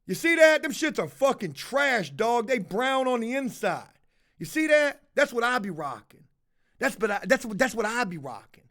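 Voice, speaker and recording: A man with a high voice rants to his livestream chat in a brash, profane, rambling way. His pitch leaps around constantly as he mocks a viewer and circles back to his own gripes. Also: very animated, normal speed, fairly bright tone. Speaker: streamer talking to chat. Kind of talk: casual livestream rant.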